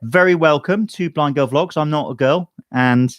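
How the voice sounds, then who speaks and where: A man's voice: fairly high pitch, moderate pace, no echo. Male co-host, from the UK, joking and teasing, dry close sound. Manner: playful, jokey, teasing. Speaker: co-host reading viewer questions. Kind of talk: casual livestream chat.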